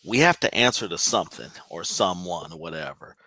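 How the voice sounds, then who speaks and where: A man hosting a podcast, ranting in an animated, profane way, his voice climbing high when worked up. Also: fairly quick, no room sound. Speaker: podcast host. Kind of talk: heated podcast rant.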